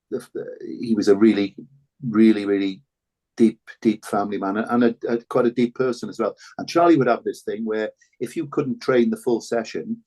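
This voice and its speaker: Older Welsh male guest, low-pitched, hesitant and reflective. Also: warm tone. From Wales. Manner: halting, repeats words and restarts often. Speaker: podcast guest, former rugby fullback. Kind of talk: reflective interview talk.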